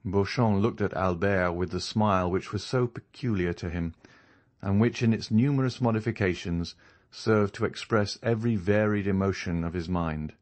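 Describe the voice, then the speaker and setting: A man narrating a classic novel as an audiobook in a steady, even reading manner. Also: deep voice, moderate pace. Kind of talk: scripted narration.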